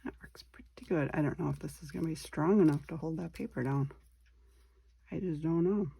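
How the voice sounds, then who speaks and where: Brisk and chatty, a woman walks viewers through a casual craft project step by step, thinking aloud and poking fun at her own errors. Her low voice is gravelly, husky and mellow. The sound is dry, with no echo.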